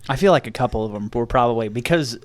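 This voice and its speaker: A man's voice: mid-range voice, expressive, quick pace. A young man co-hosting a casual podcast chat, rambling loosely through his thoughts. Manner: casual, rambling, says "dude". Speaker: podcast co-host.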